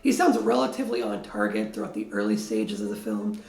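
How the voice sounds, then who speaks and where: A man's voice: fairly low pitch, wildly swooping pitch, brisk, a little mellow, roomy sound. A man giving a blunt, wry film review in a critical tone.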